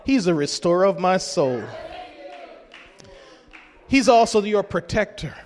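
A man preaching a sermon, rising into shouts as he urges the congregation on. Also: sits high, expressive, unhurried. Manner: rises into shouts to urge the congregation. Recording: long hall reverb.

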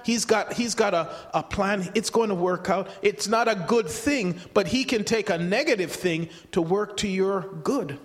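A man's voice: high-pitched, moderate pace, few pauses. A man preaching a sermon in a conversational way, often repeating words and restarting as he acts out the voices he quotes. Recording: long hall reverb.

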